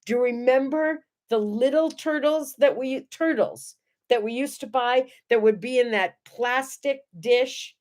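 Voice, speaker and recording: Middle-aged woman host, lively and chatty, fairly high pitch, talks straight to viewers. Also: unhurried. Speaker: morning show host. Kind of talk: casual chat and storytelling.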